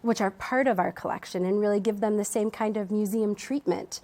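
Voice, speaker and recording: A woman's voice: medium pitch, steady tone, a little fast, a little mellow. Thoughtful woman in a TV interview. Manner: thoughtful, with frequent ums and restarts. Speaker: museum education director. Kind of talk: interview answers. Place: TV studio.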